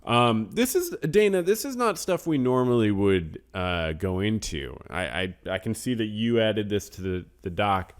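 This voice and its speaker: A man's voice: fairly low pitch, very animated, moderate pace, few pauses, clean tone. A man hosting a podcast in a casual, rambling way, reading out supporter names and news, often trailing off into self-deprecating mutters. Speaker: podcast host.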